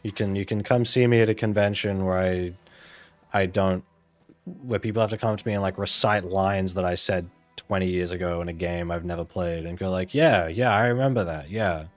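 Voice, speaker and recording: A man's voice: low voice, level tone, a little fast, faint music behind. A man, casually chatting while playing a video game, rambling and self-deprecating with mumbled asides. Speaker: gaming channel host. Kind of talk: casual gameplay commentary. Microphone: desk mic with webcam.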